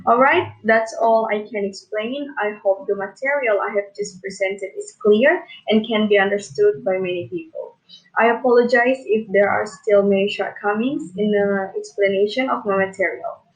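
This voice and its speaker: A young woman student, from Indonesia, giving a recorded class presentation, explaining slowly and carefully and often repeating words. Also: mid-range voice, rough recording.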